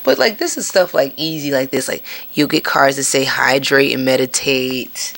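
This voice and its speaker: Low, gravelly-voiced woman podcast host. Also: moderate pace, fairly bright tone. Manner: candid and profane, with sudden high-pitched outbursts. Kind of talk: casual spiritual monologue.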